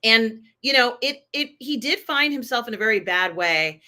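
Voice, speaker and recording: A woman's voice: fairly high pitch, expressive, moderate pace, pushed and bright. A woman co-hosting a casual TV review chat, enthusiastic and chatty with lots of fillers. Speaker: podcast co-host.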